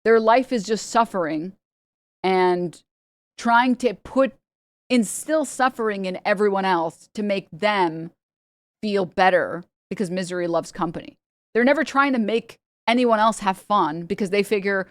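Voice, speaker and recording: A woman's voice: medium pitch, measured pace, no echo. Sarcastic rambling woman streamer. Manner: rambling, sarcastic, laughs often, mocking voices. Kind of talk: casual commentary stream.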